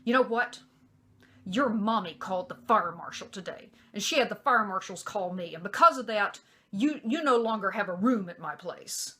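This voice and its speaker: A woman quoting her ex-husband as a curt, cold father, scolding in a louder voice. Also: mid-range voice, animated, moderate pace. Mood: harsh.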